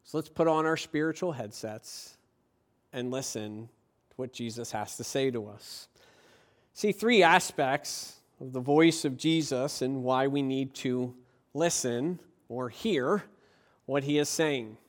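A man preaching a sermon as pastor, delivering it emphatically with drawn-out phrases and rhetorical questions to his listeners. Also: mid-range voice.

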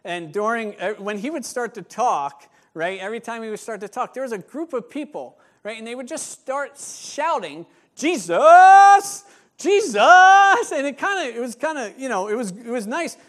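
Pastor guy preaching, kinda high voice, acts out people's voices a lot. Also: a little fast, hardly any pauses. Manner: animated, acts out voices of church members. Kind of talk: sermon.

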